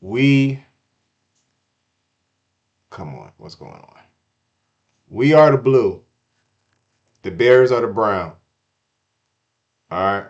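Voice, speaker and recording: A man giving casual, slangy crypto market commentary to his chat, swinging from hyped shouts to hushed apologies and repeating himself. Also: medium pitch, expressive, very slow, pauses often, muffled recording. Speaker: crypto streamer.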